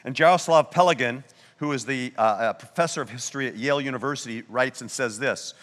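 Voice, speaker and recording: A man preaching a sermon as pastor, telling a story and slowing down to stress key words. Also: mid-range voice, a bit bright, in a large hall. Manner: earnest storytelling preaching, slows down for emphasis.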